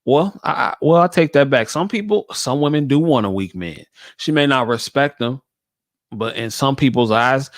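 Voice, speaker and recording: A man's voice: mid-range voice, lively intonation, no echo. Laid-back male host, dry close mic, casual reaction talk. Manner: laid-back, drawn-out remarks, says "man" often.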